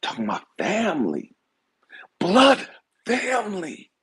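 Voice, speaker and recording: A man giving an impassioned spiritual talk, swinging between hushed whispers and shouted pleas. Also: high-pitched, wildly swooping pitch, slow pace, breathy edge. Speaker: spiritual speaker. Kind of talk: impassioned motivational preaching.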